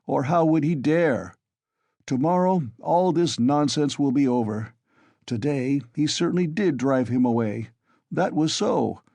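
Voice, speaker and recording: Tipsy loud young friend for a classic audiobook , read by a man, raised and lively. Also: on the high side, unhurried, creaky, dry recording, pitched above the performer's own voice, exaggerated voice. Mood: blustering. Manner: blustering, roaring.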